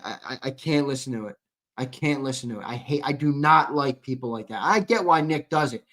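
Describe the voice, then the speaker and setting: A tired young man hosting a live postgame sports stream, reading chat comments and ribbing viewers in a blunt, casual way. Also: medium pitch. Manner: blunt, ribbing chatters, swings from mumbling to loud outbursts. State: tired, yawning.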